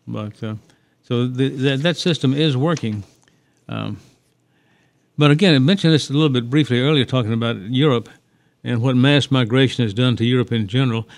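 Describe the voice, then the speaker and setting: A man's voice: medium pitch, normal speed, creaky, no echo. Guy talk radio host, rambly, lots of ums, dry close mic. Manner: rambling, hesitant, opinionated.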